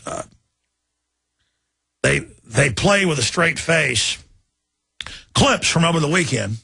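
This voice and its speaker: A male radio host delivering fervent, ranting political commentary that builds to shouted outrage. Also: a little high, animated, takes it slowly, creaky, pauses often, husky, no echo, clean studio sound.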